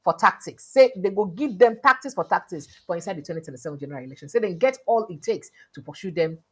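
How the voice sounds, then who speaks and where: A Nigerian woman hosting a news vlog, commenting on politics in pidgin and English with animated quoting. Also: lowish voice, fast talker, slightly rough. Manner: animated, switches between pidgin and English, quotes people in lively voices. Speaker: news vlogger host. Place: indoors, livestream studio.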